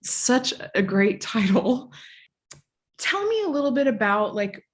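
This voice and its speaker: A woman hosting a podcast interview, asking relaxed questions with a few fillers. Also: fairly high pitch, a little slow. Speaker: podcast host. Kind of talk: casual interview.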